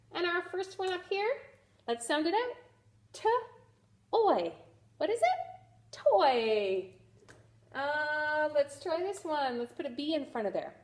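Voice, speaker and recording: Woman, phonics teacher, young children, slow, very lively pitch, sounds out letters, frequent praise. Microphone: recorded to camera for a video lesson.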